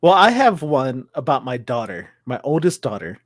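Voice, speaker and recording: Co-host, male, relaxed storyteller who chuckles often; dry room. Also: medium pitch, normal speed, no echo. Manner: easygoing, chuckling. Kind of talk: casual chat.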